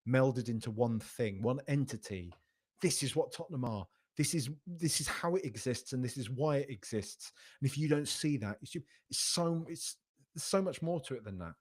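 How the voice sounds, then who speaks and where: A man hosting a casual football podcast stream, arguing emphatically and repeating phrases as he makes his points. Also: medium pitch. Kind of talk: casual live-stream commentary reading chat.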